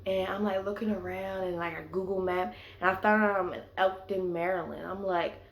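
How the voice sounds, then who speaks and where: A young woman vlogger with a voice on the low side talks at normal speed with few pauses. Her storytelling is animated and slangy, packed with fillers and lots of "like"s. The room she's in is echoey.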